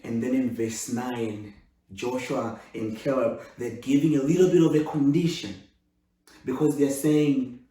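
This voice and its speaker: A man preaching a sermon as pastor, swinging between loud exclamations and hushed, intimate speech. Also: mid-range voice, fairly even intonation, a little slow. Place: church sanctuary. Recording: echoey room, far from the mic.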